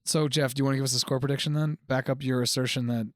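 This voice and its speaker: Man, sports podcast host, casual chat, quick jokey manner, home studio, dry voice. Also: mid-range voice, fairly even intonation, dry recording. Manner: quick, joking, steers the talk with questions.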